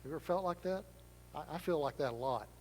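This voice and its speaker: A man delivers a sermon from a church sanctuary, his voice sitting a little high for a man. Long reverb from the large hall trails behind each phrase. He preaches in a chatty, self-deprecating way. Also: expressive, fast, slight background noise. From Arkansas, US. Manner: conversational, self-deprecating storytelling. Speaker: pastor.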